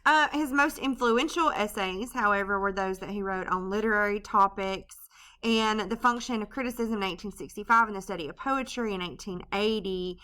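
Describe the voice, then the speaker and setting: A woman's voice: mid-range voice, moderate pace, bright, forceful tone. A woman teaching a literature lesson in a casual recorded lecture, with frequent ums and restarts. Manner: casual, loose delivery with many ums and restarts.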